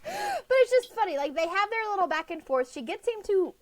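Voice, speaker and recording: A woman's voice: very high voice, a little fast, a little hiss or hum. A woman co-hosting a podcast, chatting casually about a book and acting out character lines with frequent laughter. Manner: animated, acts out character lines, laughs often. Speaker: podcast co-host. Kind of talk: casual book recap chat.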